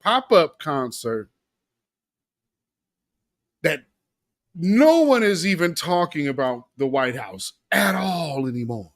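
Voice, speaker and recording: A male host giving a slangy, sarcastic political commentary monologue, emphatic and animated. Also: on the high side, slow pace, pauses often, dry recording, clean studio sound.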